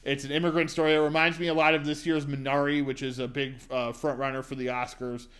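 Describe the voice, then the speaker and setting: Casting note: male podcast host, mid-pitched, relaxed chat with halting fillers. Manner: hesitant, many "uh" and "um" fillers. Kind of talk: casual movie review chat.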